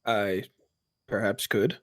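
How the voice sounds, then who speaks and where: A man's voice: fairly low pitch, steady tone, takes it slowly, a bit bright. A man playing a tabletop game, talking in a dry, hesitant, joking way. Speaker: player. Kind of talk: casual tabletop play.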